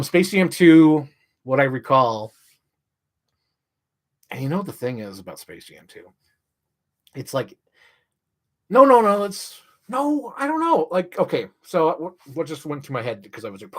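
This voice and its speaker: Rambling young man ranting on a livestream. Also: medium pitch. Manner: rambling, heavy use of "like", restarts mid-sentence; animated, voice jumps up when excited. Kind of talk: casual livestream rant.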